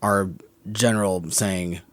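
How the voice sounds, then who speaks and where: A man's voice: low voice, fairly even intonation, slow pace, no room sound. A man co-hosting a podcast, talking through a movie's scenes in a musing, critical way and often correcting himself mid-sentence. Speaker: podcast co-host. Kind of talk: casual film discussion.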